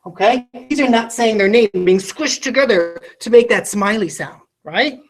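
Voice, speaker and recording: A woman with an animated, somewhat high voice teaches children phonics in a recorded lesson. Addressing the student directly, she asks quick questions and breaks each word into slow, separate syllables.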